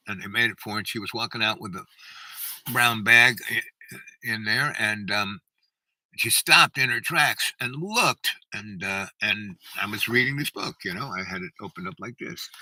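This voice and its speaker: A man's voice: fairly low pitch, sharp tone, no echo, low-quality recording. An older man hosting a livestream, telling a long rambling story to his chat and often tagging "right?". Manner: rambling, keeps asking "right?". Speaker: livestream host.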